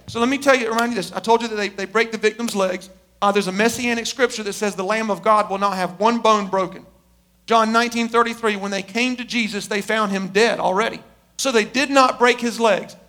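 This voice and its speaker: A middle-aged man preaching a sermon as pastor, swinging between loud pleading and quiet intensity. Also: high-pitched.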